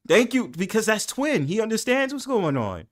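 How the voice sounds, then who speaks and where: A man's voice: high-pitched, big pitch swings. A man with a New York accent hosting a live stream, teasing his guest in casual banter with frequent laughs. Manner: playful, teasing, quick to laugh.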